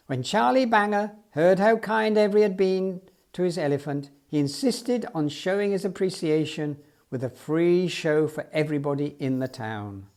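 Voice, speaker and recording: A man reading a children's story aloud in an expressive, storytelling way. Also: high-pitched, normal speed. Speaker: storybook reader.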